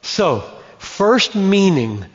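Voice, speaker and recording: A man preaching a sermon, emphatic and deliberate, with slow dramatic pauses that build to a point. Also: high voice, sing-song, husky. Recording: muffled, long hall reverb.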